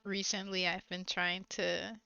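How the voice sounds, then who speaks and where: A woman's voice: fairly low pitch, little pitch movement, a little slow, creaky, sharp tone, clear, resonant tone, no room sound. A woman streamer chatting casually and giggling often while she crafts on a livestream, recorded on a slightly dull desk mic.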